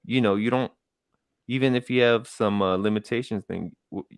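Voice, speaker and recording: A man co-hosting a casual podcast, talking in an animated way, giggling often and trailing off mid-sentence. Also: fairly low pitch, normal speed, clear, resonant tone, dry recording, studio quality. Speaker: podcast co-host. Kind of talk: casual chat.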